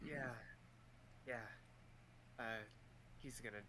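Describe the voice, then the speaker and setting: A man's voice: mid-range voice, takes it slowly, bright, forceful tone, slight background noise. A man playing a voice-chat tabletop game, making teasing, joking remarks to the group. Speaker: player.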